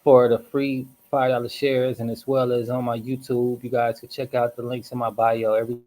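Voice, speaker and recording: A man hosting a casual livestream, reflective and rambling, hoarse from smoking and clearing his throat often. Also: mid-range voice, level tone, fairly quick, warm tone, poor audio. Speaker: host.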